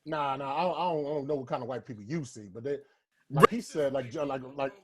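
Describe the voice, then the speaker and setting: A man's voice: medium pitch, quick pace, over a noisy crowd. A man comedian co-hosting a podcast in casual, profane banter, rambling and slipping into mocking voices for his bits. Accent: American.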